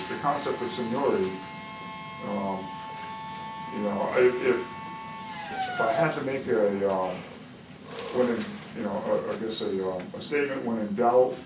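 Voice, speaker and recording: Argumentative man, distant and echoey. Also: fairly low pitch. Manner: argumentative, halting with many fillers. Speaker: union negotiator. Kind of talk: contract bargaining session. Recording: distant, roomy, noisy meeting-room recording.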